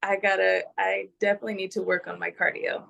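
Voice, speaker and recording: A woman's voice: medium pitch, little pitch movement, fast, creaky, a bit bright, dull audio. A woman talking casually as a guest in a fitness check-in, telling stories with lots of fillers. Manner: chatty, storytelling with fillers. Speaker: guest, fitness group member. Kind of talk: casual conversation.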